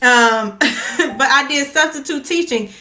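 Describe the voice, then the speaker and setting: Slow-talking, high-voiced woman host. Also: sharp tone. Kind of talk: casual hosting banter.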